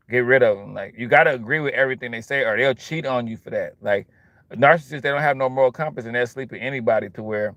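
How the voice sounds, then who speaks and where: A young man talking casually in an animated, repetitive way, full of street slang. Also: mid-range voice, no room sound. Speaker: host. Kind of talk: casual monologue.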